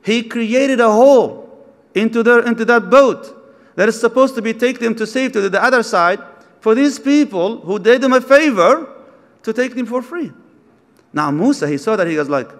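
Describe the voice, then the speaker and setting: A man's voice: sits high, moderate pace, pauses often. A man preaching a sermon, telling a story and acting out its dialogue, with recited verses mixed in. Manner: animated, acts out dialogue, mixes in recited verses. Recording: long hall reverb.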